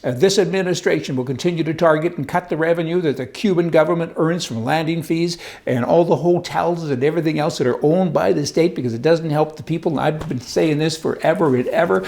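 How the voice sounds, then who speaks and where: A man's voice: fairly high pitch, fast, creaky, few pauses, darkish tone. A man hosting a show of opinionated political commentary, folksy and sarcastic, full of wisecracks and rhetorical questions. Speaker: host.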